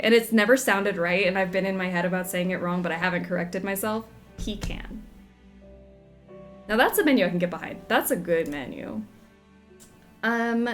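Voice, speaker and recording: A young woman chatting through a video game playthrough, giggly and second-guessing herself. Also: medium pitch. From Southern United States. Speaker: game streamer. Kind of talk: casual let's-play commentary.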